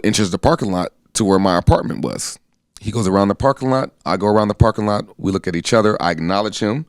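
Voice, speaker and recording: Speaking as a guest, a US army veteran in his thirties shares his own account earnestly and plainly, like a conversation, voicing the people he quotes. The low voice is recorded at studio quality with no echo.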